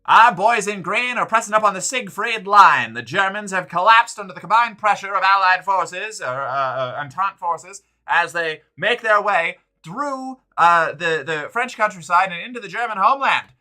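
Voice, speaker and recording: A man putting on a brash 1940s wartime newsreel announcer, delivering a mock bulletin in a loud, booming announcer style. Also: lively intonation, normal speed, few pauses, full character voice. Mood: bombastic.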